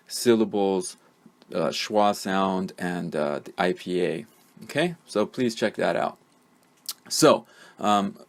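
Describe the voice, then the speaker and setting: A man teaching English pronunciation, explaining step by step in a patient way with frequent "um" and "uh". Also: fairly low pitch. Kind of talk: pronunciation lesson.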